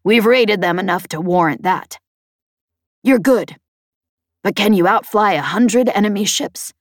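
A woman voicing a loud, blustery older woman who captains a band of raiders, shouting high over the comm. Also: measured pace, dry recording, clean studio sound, lightly acted. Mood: warning.

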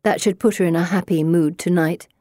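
A woman voicing a poised, commanding Victorian schoolgirl who talks briskly and chides. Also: lowish voice, fairly even intonation, warm tone, no room sound, studio quality, lightly acted. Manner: brisk, assured, chiding.

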